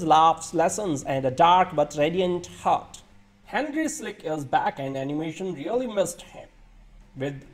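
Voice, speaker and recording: High-voiced man reading a film review. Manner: reads a written script with occasional stumbles and restarts. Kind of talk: read-aloud film review.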